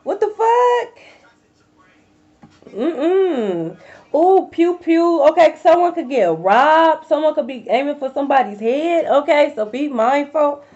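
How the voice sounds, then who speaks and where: Woman tarot reader, high voice, blunt, cussing, slangy, dull lo-fi recording. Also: animated, normal speed, few pauses, darkish tone. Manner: blunt, profane, slangy, talking to viewers directly. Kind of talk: casual intuitive tarot reading.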